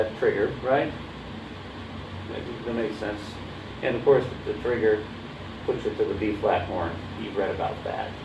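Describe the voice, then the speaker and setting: A man giving a hands-on horn lesson in a casual, coaching way, often checking that his student understands. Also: lowish voice. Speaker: horn teacher. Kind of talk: casual one-on-one instruction. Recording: roomy, distant, dull mic with background noise.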